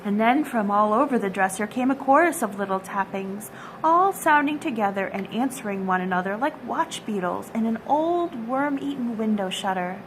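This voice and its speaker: A woman reading a children's storybook aloud in a gentle, expressive storytelling manner. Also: a little high, moderate pace, slight background noise, low-quality recording.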